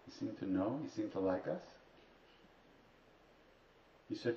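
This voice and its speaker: A man's voice: lowish voice, measured pace, long pauses, dark tone, a little hiss or hum. A man at a retreat telling humorous stories to an audience, with wry, dry asides and self-mocking humor. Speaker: spiritual teacher speaking at a retreat. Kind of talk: humorous storytelling talk to an audience. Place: retreat hall. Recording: distant, roomy, dull live hall recording with faint ambience.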